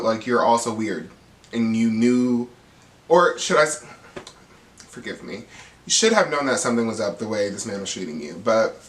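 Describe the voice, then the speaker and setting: A man giving a gossipy, animated recap of a reality TV episode, acting out the cast's lines with bursts of laughter. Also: mid-range voice, reverberant, distant mic. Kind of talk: casual recap commentary.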